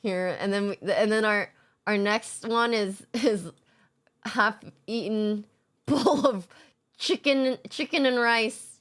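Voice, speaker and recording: A woman's voice: a little high, fairly even intonation, takes it slowly, fairly bright tone. A young adult woman streamer chatting casually with her chat, laid-back, swearing often and laughing a lot. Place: home streaming setup.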